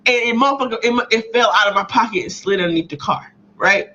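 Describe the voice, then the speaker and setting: A woman co-hosting a casual chat, telling a story in a profane, animated way with a lot of laughing. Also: mid-range voice, fast talker. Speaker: podcast co-host. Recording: slightly muffled audio.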